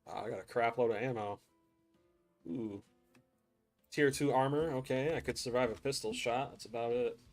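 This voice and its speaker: Young dude gaming and rambling on, laughs a lot, says dude constantly. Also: male voice, medium pitch, moderate pace, long pauses, faint music behind. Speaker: gaming streamer. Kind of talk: casual gameplay chat.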